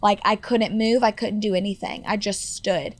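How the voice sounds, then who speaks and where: A woman's voice: medium pitch, steady tone, normal speed. A woman in her twenties telling a personal story as a podcast guest, earnest and full of fillers like "like" and "you know". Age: 20s.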